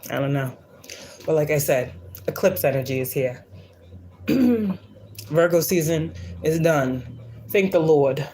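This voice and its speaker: A woman's voice: low voice, animated, slow pace, long pauses, mellow, slight background noise. A woman hosting a casual spiritual livestream, talking in a blunt, profane, preachy and defiant way, often repeating lines for emphasis. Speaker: spiritual reader and livestream host.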